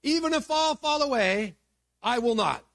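A man voicing an impetuous, boastful young male disciple who makes loud, insistent vows. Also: a little high, expressive, brisk, no room sound, clean studio sound.

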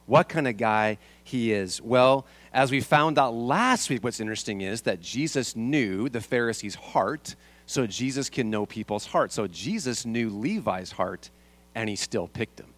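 A man's voice: mid-range voice, animated, normal speed. A man preaching a sermon as a pastor, asking the congregation rhetorical questions and repeating his key lines.

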